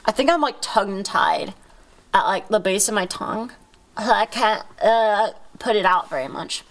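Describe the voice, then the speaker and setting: A congested woman streamer with a cold, rambling and joking as she chats, cursing freely. Her voice sits at an ordinary middle pitch for a woman, a little thick and blocked through the nose. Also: lively intonation, unhurried. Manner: rambling, playful, swears a lot. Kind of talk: casual chat.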